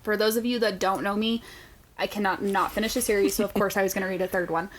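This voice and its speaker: A woman co-hosting a book podcast in casual chat, animated and profane, laughing often. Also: mid-range voice, fast, slight background noise. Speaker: podcast co-host.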